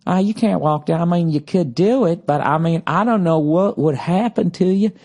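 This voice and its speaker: Man doing a Southern hotel clerk lady, thick drawl, fussy, overly polite, a bit high. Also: normal speed, darkish tone. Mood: fretful. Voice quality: drawling, exaggerated.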